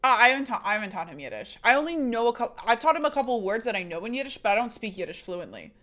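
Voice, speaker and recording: A woman's voice: a little high, sing-song, very fast, fairly bright tone. A young woman streamer chatting casually with her live chat, reading comments aloud and rambling with many restarts.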